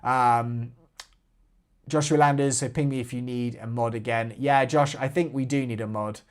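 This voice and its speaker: Guy hosting a live stream, chatty and relaxed, reading out chat comments, talking at a desk mic indoors. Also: mid-range voice, normal speed. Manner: chatty, reads out viewer comments. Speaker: airsoft channel host.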